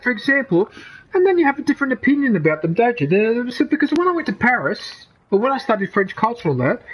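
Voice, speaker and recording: A middle-aged man with an Australian accent talks in a fairly high voice, rambling from one opinion to the next. He is a gaming streamer chatting casually over gameplay. He swears freely as he goes. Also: slightly rough, lo-fi sound.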